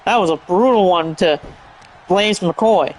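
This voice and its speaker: A man calling a wrestling match play by play, energetic and shouting at big moves, often tripping over move names and correcting himself. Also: high voice, a little slow. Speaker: play-by-play commentator. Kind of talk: excited play-by-play commentary.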